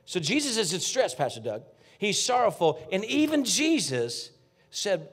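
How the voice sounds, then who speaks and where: A man preaching a fervent sermon as a guest pastor in a church, talking folksy and straight to the congregation, dropping to hushed whispers and rising to near shouts. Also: high-pitched, huge pitch swings, a little slow, breathy edge. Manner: folksy, addresses congregation directly. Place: church sanctuary.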